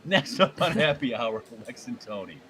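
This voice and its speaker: A man's voice: mid-range voice, big pitch swings, moderate pace. A man co-hosting a casual live-stream show, joking and often stumbling over repeated words. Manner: jokey, stammers and repeats words. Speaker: co-host.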